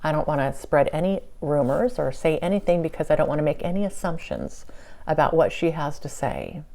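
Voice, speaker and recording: Low-voiced woman recounting a channeling session. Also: a little fast, gravelly. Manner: animated retelling with quoted dialogue. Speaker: channeler and vlogger. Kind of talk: casual storytelling monologue.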